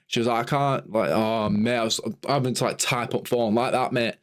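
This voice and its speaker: A young man telling an animated, sweary story in a casual podcast chat. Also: mid-range voice, brisk, hardly any pauses. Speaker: podcast host.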